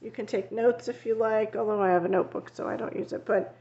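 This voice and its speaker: A woman who teaches art and hosts a coloring channel shows her finished coloring pages in a casual show-and-tell vlog. Her medium-pitched, slightly mellow voice is fairly even and quick, with lo-fi sound. She's chatty and rambles a bit, with frequent fillers and self-corrections.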